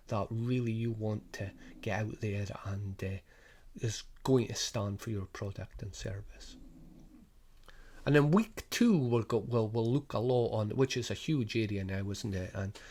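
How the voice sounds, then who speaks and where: A middle-aged man with a strong Scottish Highland accent explains a coaching programme casually, with frequent restarts and rhetorical questions. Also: a little mellow. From Scotland. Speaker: sports business coach. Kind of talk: informal spoken programme overview.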